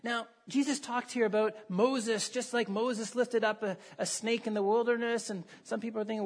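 Husky-voiced preacher reading scripture. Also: medium pitch, moderate pace. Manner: conversational, asks the listeners questions and reads scripture aloud. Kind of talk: sermon with Bible reading.

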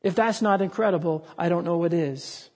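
An earnest preacher in the middle of a sermon to a congregation, pressing each point with emphasis. The voice sits at a middling pitch, neither high nor low. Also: normal speed, a little mellow.

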